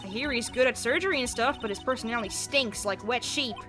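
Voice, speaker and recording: A woman's voice: a little high, quick pace, music in the background, lightly acted. A woman voicing a nosy, folksy woman with a gossipy drawl.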